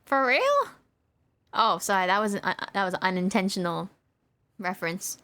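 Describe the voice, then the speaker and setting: A woman's voice: mid-range voice, normal speed, sharp tone. A young woman streamer giving playful, rambling commentary as she plays a game, often breaking into giggles. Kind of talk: casual gaming commentary.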